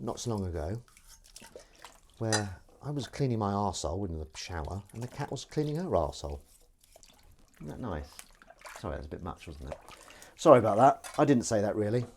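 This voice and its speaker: A man's voice: medium pitch, a little mellow. A man, a comedian chatting casually on a live stream while washing up, rambling and self-deprecating as he reads out viewers' comments.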